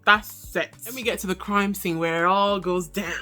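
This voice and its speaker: A young woman hosts a casual, chatty review of a reality show, full of sass and quick asides. Her voice is bright and forceful, and faint music plays behind her. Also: mid-range voice, fairly even intonation. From Nigerian heritage. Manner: chatty, sassy, laughs often.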